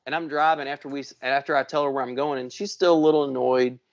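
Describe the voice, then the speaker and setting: A man's voice: medium pitch, fast talker, dry recording. Profane storytelling man, dry and dull. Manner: profane, animated storyteller acting out quotes. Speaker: podcast co-host. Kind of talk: casual storytelling.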